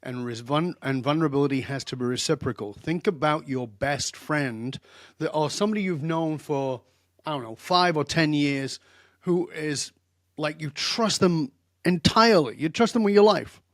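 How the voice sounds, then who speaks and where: A man's voice: fairly high pitch, normal speed, no room sound, clean studio sound. An older man telling stories in a direct, emphatic way as a guest in a podcast interview. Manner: direct, emphatic, animated storyteller. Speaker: guest expert.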